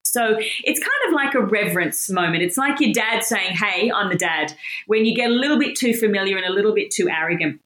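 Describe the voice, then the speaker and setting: A woman's voice: mid-range voice, lively intonation, brisk, few pauses, a bit bright, reverberant. A woman teaching a Bible lesson in a casual, enthusiastic, conversational way, with fillers and restarts.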